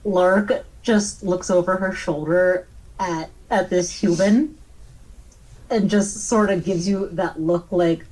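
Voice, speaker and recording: A woman player in a tabletop game, speaking slowly and deliberately. Her delivery is dry and laid-back as she narrates her character. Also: fairly low pitch, steady tone, a little mellow, rough recording. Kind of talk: tabletop role-play.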